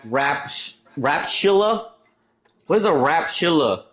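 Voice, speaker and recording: Slow-talking male streamer chatting. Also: a little high, expressive, fairly bright tone. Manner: chatty, reads chat aloud, trails off and restarts. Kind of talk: casual live-stream chat.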